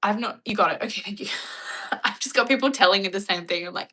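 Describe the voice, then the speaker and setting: Woman streamer, bright voice, playful chat with viewers. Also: medium pitch, fast talker. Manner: chatty, playful, laughs often. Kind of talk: casual chat.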